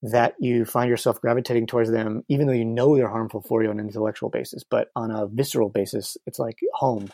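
A reflective speaker in casual conversation who uses many fillers and pauses to find the right words. The voice is gravelly with vocal fry at a middle pitch, recorded close and dry. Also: steady tone, warm tone, no echo.

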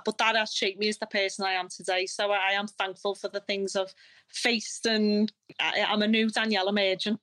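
A woman's voice: medium pitch, flat delivery, a little fast, fairly bright tone. A woman, a guest in a casual interview, talking in an upbeat, chatty way and laughing often. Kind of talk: casual chat.

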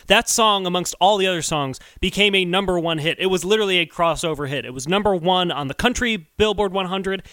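A male podcast co-host picks apart a song in a wry, analytical chat. His voice sits high and bright, with lively ups and downs. The sound is dry and close. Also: dry recording. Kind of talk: casual chat.

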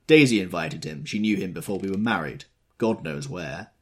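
A man reading an audiobook, voicing an arrogant, impatient wealthy man who talks roughly. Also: low-pitched, animated, moderate pace, fairly bright tone, exaggerated voice. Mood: brusque. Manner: rough, contemptuous.

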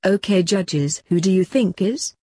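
Polite male show host, read by a woman; dry, low delivery. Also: lively intonation, a little slow, mellow, dry recording.

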